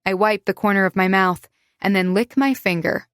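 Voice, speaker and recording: A woman's voice: medium pitch, normal speed, a bit bright, clean tone, no echo, clean studio sound. A woman narrating a first-person romance audiobook in an intimate, confiding way.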